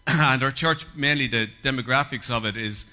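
A man's voice: medium pitch, normal speed, bright, forceful tone. An Irish man, a guest pastor, giving an earnest, hesitant greeting to a congregation. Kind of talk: church greeting.

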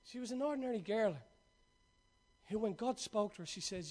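Guy preaching, really high voice, reads the bible bit then riffs on it, gets loud then drops quiet. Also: expressive, normal speed. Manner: reads scripture then retells it with emphatic swings from loud to quiet. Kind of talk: sermon.

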